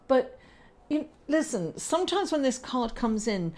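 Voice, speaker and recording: A middle-aged woman gives a casual tarot reading to camera, chatty and quick to laugh at herself. She talks slowly and takes her time. Her voice sits fairly high. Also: very animated, a little mellow. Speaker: astrologer and tarot reader.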